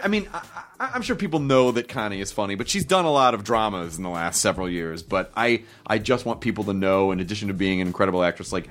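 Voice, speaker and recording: A man's voice: on the low side, fairly bright tone. A man hosting a podcast, trading jokes and casual banter with co-hosts and often laughing at his own riffs. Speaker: podcast host.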